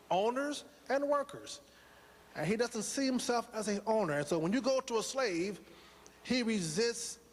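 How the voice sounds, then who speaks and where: A man's voice: high-pitched, big-room sound, a little hiss or hum. A man giving a motivational speech to a live audience, preaching with rhetorical questions and repetition. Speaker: motivational speaker.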